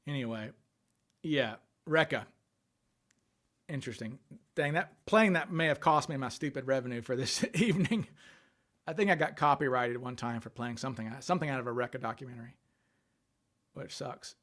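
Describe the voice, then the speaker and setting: A man's voice: medium pitch, normal speed, pauses often, a bit bright. A man hosting a casual livestream, thinking aloud and answering questions from viewer chat. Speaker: livestream host.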